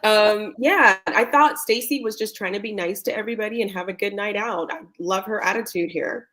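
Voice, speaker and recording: A woman co-hosting a casual reality TV recap as a guest, speaking in a measured, agreeable way. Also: mid-range voice, fairly bright tone. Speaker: guest co-host.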